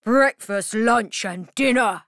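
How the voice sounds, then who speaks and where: A woman's voice: fairly high pitch, creaky, a bit bright, dry recording, studio quality, full character voice. A greedy storybook troll, as a woman reads him. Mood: gloating. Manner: slow, deliberate storybook delivery. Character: hungry male troll under a bridge.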